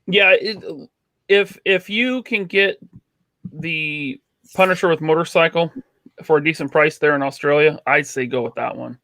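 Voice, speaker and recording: A man's voice: on the high side, normal speed, sharp tone, no echo. A man co-hosting a casual podcast, opinionated and teasing, with lots of fillers. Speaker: podcast co-host. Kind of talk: casual chat.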